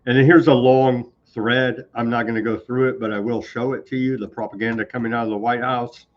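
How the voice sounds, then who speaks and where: A man's voice: mid-range voice, steady tone, moderate pace. A male host talks through news posts with biting sarcasm and open indignation. His voice sits in an ordinary mid range. The recording sounds a bit dull and lo-fi. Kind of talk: live commentary on news clips.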